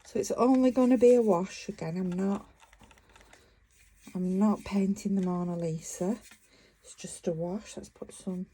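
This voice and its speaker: Slow-talking Lancashire woman crafting. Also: mid-range voice, mellow, breathy edge, poor audio. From northern England. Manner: chatty, self-interrupting, talking while working. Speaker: craft vlogger. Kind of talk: casual crafting tutorial.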